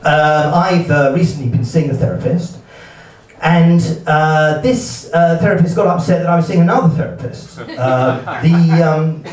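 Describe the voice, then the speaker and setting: A man doing a stand-up set at a live gig, talking in a hesitant, halting way with many fillers and restarts. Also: on the high side, a little mellow. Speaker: stand-up comedian. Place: comedy venue, heard from the hall with a laughing audience. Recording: echoey hall, distant mic, audience laughter.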